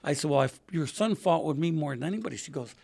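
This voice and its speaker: An older man, a podcast guest telling racing stories in a casual, animated way, acting out quotes in a raised voice. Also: a little high, fast talker, creaky, crowd noise. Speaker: podcast guest, retired race car driver. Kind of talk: casual storytelling interview.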